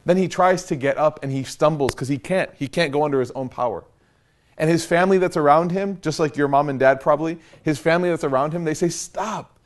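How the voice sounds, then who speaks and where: A young man giving a casual storytelling lecture, animated and conversational with slangy asides. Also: on the high side, fast. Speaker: preacher.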